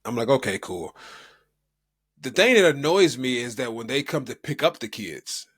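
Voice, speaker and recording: A young man from the United States talks with an easy, mid-pitched voice, neither high nor low. He co-hosts a casual podcast chat and tells stories in a rambling way. His sentences wander and restart, padded with fillers. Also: expressive, a little fast, a bit bright, breathy edge. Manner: rambling storytelling with many fillers. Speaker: podcast co-host.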